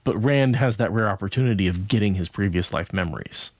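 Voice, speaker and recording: A podcast co-host with a fairly low voice talks fairly quickly as he rambles thoughtfully through a book, repeatedly asking "right?" The studio sound is clean, with no room sound.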